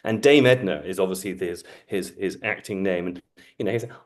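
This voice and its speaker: A man's voice: deep voice, moderate pace. A man from Britain, an astrologer talking in an earnest, reflective, teaching way. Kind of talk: casual conversation.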